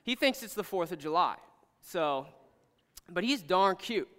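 A young man preaches in an easy, storytelling way, earnest and animated, his speech peppered with "like". His voice sits high and sounds bright. Long reverb rings around him in a large hall. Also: measured pace. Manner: earnest, animated, heavy use of "like". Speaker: pastor. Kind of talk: casual storytelling sermon.

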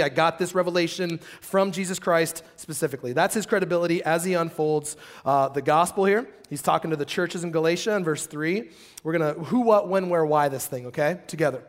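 A man preaching a sermon as pastor in a church service, telling animated stories and acting out the voices of the people he quotes. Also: sits high, brisk, in a large hall. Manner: drops to a hushed tone when praying.

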